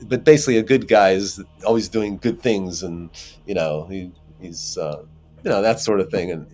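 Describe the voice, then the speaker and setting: A man, an actor, chatting as an interview guest and telling lively stories with frequent laughs. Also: low voice, normal speed, faint music behind. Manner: animated storyteller, laughs often. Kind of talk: casual interview chat.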